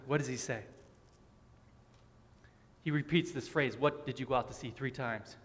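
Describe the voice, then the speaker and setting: In a sermon echoing with the long reverb of a big hall, a male pastor repeats phrases to drive his points in and asks rhetorical questions. He speaks at medium pitch and a moderate pace, leaving long pauses.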